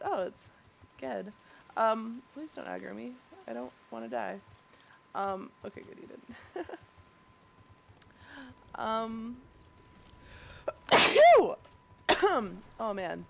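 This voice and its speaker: A woman's voice: on the high side, very animated, slow, creaky, long pauses, slight background noise. A woman streaming a game live, chatting and rambling with a stuffed-up, congested voice and often losing her train of thought. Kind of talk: live gameplay stream chat.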